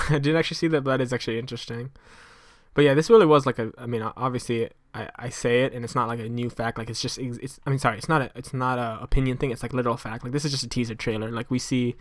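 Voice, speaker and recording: A man's voice: mid-range voice, fairly even intonation, racing, no room sound, studio quality. Young man rambling through a story. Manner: rambling storyteller, full of fillers, laughs while telling. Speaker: podcast co-host. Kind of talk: casual podcast chat.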